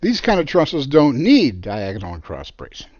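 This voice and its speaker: A man's voice: mid-range voice, huge pitch swings, moderate pace, a little mellow, no echo, dull audio. A man voicing a brash, cocky male contractor who waves off concerns in a breezy, dismissive way.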